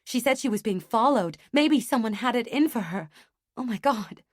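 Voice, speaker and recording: A woman reading an audiobook, voicing a panicked young mother who sobs and shouts in a raised, strained voice. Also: on the high side, animated, moderate pace, no room sound, studio quality, voice pushed up.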